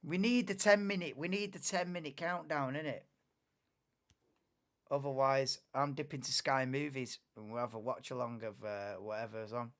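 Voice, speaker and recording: A man's voice: medium pitch, little pitch movement, moderate pace, fairly bright tone. A young man hosting a live race watchalong, chatting casually, muttering asides and swearing freely.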